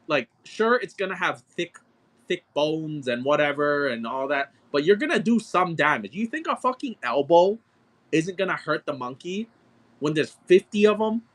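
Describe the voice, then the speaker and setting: A man running a live-stream card auction, ranting excitedly and cursing as he argues a point with his viewers. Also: on the high side, moderate pace. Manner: profane, excitable, argumentative ranting.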